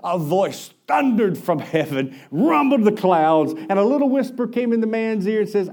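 A man preaching a sermon, telling folksy stories with an animated delivery and quick asides. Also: high-pitched. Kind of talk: sermon storytelling.

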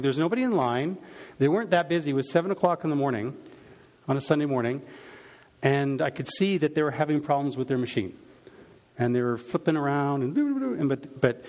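A middle-aged pastor delivering a sermon in a loose, conversational manner, often backing up and restarting. His voice sits in an ordinary male range. The sound carries a long reverb from a large hall. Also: mid-range voice. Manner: conversational storytelling with many restarts and fillers.

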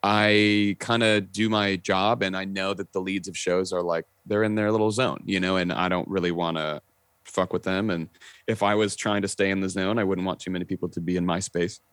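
A man's voice: sits low, fairly quick, no echo, clean studio sound. A young adult man, a podcast guest and actor, telling stories in casual chat, acting out quotes with lots of "like" and the odd swear word. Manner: animated storyteller, acting out quotes, frequent "like" and swearing.

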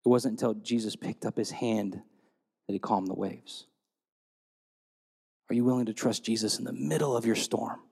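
A man preaching a sermon, telling stories and retelling scripture in a lively storytelling way. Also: fairly low pitch, normal speed, gravelly, long pauses, slightly rough, long reverb tail. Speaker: pastor.

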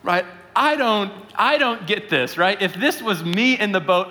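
A pastor giving a conversational sermon, often checking in with his listeners with a quick "right?". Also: high voice, animated, bright, forceful tone, in a large hall.

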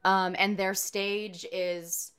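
A woman guest speaking hesitantly, with many pauses and fillers. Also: medium pitch, level tone, a bit bright, clear, resonant tone. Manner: hesitant, full of ums. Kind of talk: casual chat.

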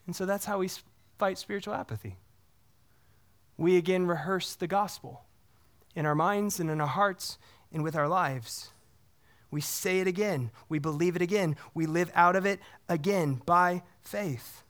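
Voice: mid-range voice, lively intonation, moderate pace, a bit bright. An earnest pastor delivers a sermon in a mid-range voice. The preacher keeps asking the congregation questions and repeats words for emphasis.

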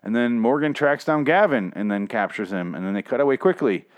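A young man giving a casual, profane episode recap, rambling and sarcastic, often mocking characters in quick put-on voices. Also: mid-range voice, expressive.

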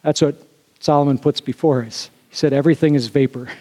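A man gives a sermon from the pulpit, speaking in a casual, conversational manner with lots of asides to his listeners. His voice sits a little high for a man. The sound carries a long reverb from a large hall. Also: fairly even intonation, a little fast, mellow. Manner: conversational, with frequent fillers and asides to the congregation. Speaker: pastor.

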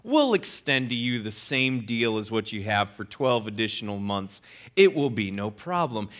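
A man voicing a calm, formulaic customer service representative, a bit lower than his own voice. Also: normal speed. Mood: scripted polite. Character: polite, scripted customer service rep.

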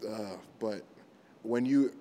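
A man's voice: lowish voice, slow pace, mellow, slight background noise. A man, a comedian guest, chatting casually and rambling through anecdotes between laughs. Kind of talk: casual chat.

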